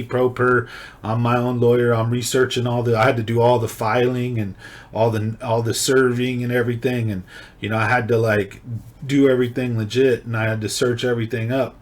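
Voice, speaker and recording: A man from California hosting a video, casually and excitedly retelling his own story. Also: medium pitch. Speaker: video host.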